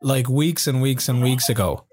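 A man's voice: mid-range voice, moderate pace, noisy background. Chatty male sports podcast host. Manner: chatty, many fillers and restarts. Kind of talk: casual sports podcast chat.

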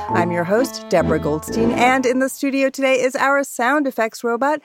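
A woman hosting a scripted kids' game show, playful and quick to laugh. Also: fairly high pitch, music in the background.

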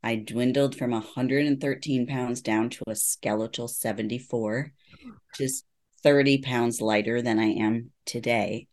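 Her voice is very deep, a little mellow, and fairly even, and she takes her time. The speaker is a middle-aged woman, a neuropsychologist interviewed about her personal experiences, who narrates earnestly and acts out the lines of people she quotes.

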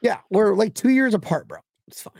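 High, lively-voiced joking man. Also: a little fast, creaky, dry recording. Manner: joking, swearing, laughing. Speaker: podcast host. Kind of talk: casual chat.

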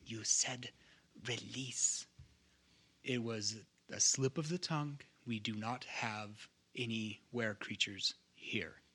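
A fanatical woman hunter played by a man speaks in a low hiss, slow and deliberate. Her whisper carries a bright, husky edge. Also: fairly even intonation, exaggerated voice. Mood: icy. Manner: hushed whispery menace. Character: cold, zealous woman hunter of were-creatures.

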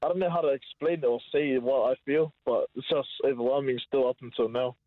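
Musician guest, a man from Samoa, mid-pitched and halting, heard over a thin phone line. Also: no echo. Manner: hesitant, lots of um and like. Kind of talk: casual phone interview.

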